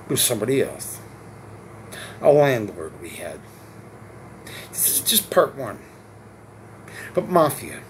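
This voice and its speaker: A man's voice: mid-range voice, a little hiss or hum. Guy in his 40s venting to a camera, mid voice, cussing a lot, rambles and loops back, keeps asking "right?". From Connecticut. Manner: agitated, profane, repeats himself, asks rhetorical questions. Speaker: vlogger.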